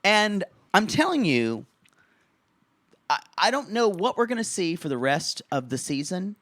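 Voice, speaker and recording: Lively, raunchy man on a dry mic. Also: high-pitched, a little slow, dry recording. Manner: animated, raunchy, laughs often. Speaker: podcast co-host. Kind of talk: casual comedic recap chat.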